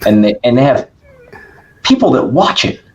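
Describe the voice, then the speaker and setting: A man talking as a podcast guest in casual conversation, energetic and emphatic, often checking in with "right?". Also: medium pitch, moderate pace, low-quality recording.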